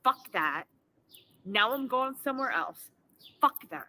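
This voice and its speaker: A woman's voice: on the high side, animated, measured pace, sharp tone, poor audio. A woman in her forties, upset and tearful, swearing as she talks into her phone in an emotional vlog after an arrest. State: crying. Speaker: vlogger.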